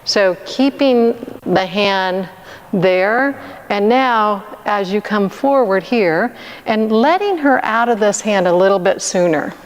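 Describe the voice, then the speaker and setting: Female dance instructor, unhurried coaching of the count, reverberant room. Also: mid-range voice, animated, smooth, dull audio. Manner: counting beats aloud, patient step-by-step coaching. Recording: long reverb, faint noise.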